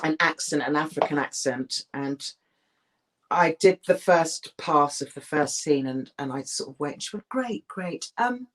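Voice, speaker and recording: A middle-aged woman, an actress, talking candidly in an interview, emphatic and animated, with frequent restarts. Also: sits low, a little slow.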